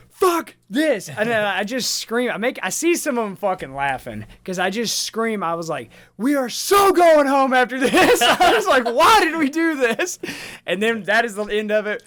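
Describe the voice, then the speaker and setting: Podcast host, male, slightly high voice, loud and swearing, jumps into yelling mid-story. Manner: animated, swears a lot, acts out his own screams. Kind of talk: profane casual storytelling.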